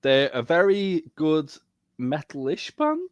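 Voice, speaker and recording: A man's voice: big pitch swings, takes it slowly, smooth, dry recording, dull audio. Joking Liverpudlian man, dry close sound. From Liverpool, England. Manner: stammering, joking, trailing off low. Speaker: podcast guest. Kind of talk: casual podcast chat.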